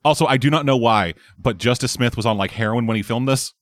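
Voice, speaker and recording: A man's voice: mid-range voice, fast, no echo, studio quality. A man in casual chat, bluntly and profanely tearing into a game. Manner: blunt, profane, animated critique.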